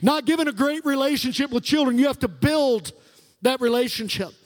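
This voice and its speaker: A man's voice: very high-pitched, a little fast. A middle-aged male pastor delivering a sermon with fervent call-and-response preaching in a church sanctuary. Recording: long reverb of a large hall.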